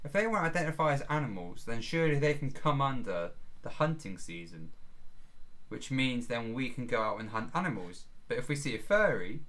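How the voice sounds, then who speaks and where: A man in a mid-range voice jumps into casual podcast banter. He swears freely and keeps pressing his point. He is excitable and talks over the others. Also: medium pitch, a little fast. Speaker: podcast co-host.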